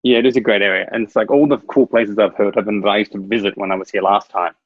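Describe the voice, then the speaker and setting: A man's voice: on the low side, fairly even intonation, quick pace, no echo, phone-quality sound. A man chatting casually as a guest over a video call, rambling through stories and laughing at his own anecdotes. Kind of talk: casual chat.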